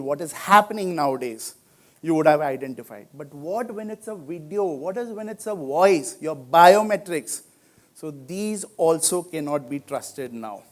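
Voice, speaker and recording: A man with an Indian English accent giving a conference talk, conversational and full of "you know," explaining through quick example stories. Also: high voice, darkish tone. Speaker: conference speaker on cybercrime. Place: conference venue.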